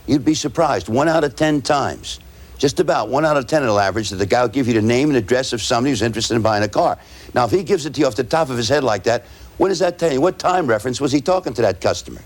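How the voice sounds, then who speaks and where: A man's voice: medium pitch, lively intonation. Man coaching a class with rhetorical questions. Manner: tags points with rhetorical "right?"; spells out words slowly. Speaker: sales trainer. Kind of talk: lecture to salespeople.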